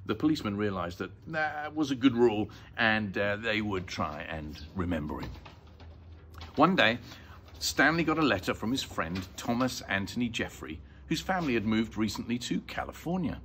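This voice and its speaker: An older man reading a children's book aloud in an expressive, lilting way. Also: fairly low pitch, normal speed, a little hiss or hum. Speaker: storyteller.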